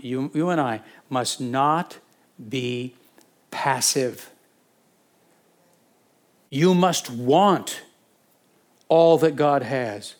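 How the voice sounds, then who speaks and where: Male pastor, sermon and prayer; slightly high voice, fervent, swells from quiet to urgent. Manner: repeats phrases for emphasis.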